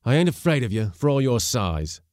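A man's voice: medium pitch, sing-song, fairly quick, dry recording, clean studio sound, voice pushed up, lightly acted. A man reading aloud and voicing a fierce young sailor who speaks furiously to his skipper. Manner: furious and hoarse when shouting. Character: fierce young male barge mate, furious.

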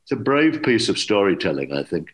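An older man, an English actor, telling anecdotes in a relaxed interview and acting out quoted dialogue. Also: on the low side, a little fast. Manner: lively storyteller, acts out quoted dialogue. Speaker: actor guest.

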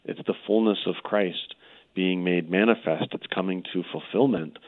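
A priest with a very low voice talks earnestly and gently, often pausing on "you know" as he teaches. He comes through a narrow, phone-like line with no room around him. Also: no room sound. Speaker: priest guest. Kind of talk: spiritual teaching on call-in radio.

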